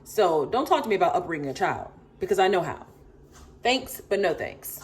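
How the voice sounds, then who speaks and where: A woman's voice: fairly low pitch, sing-song, moderate pace, a little hiss or hum. A woman in her thirties, a mother of four, ranting to camera in an emphatic, sassy way and repeating herself for stress.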